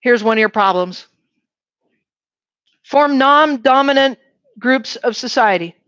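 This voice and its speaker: Lecturing slowly in a voice on the high side, a woman keeps her university class engaged with questions and frequent "right?" check-ins. No room sound comes through in the dull, dry classroom recording.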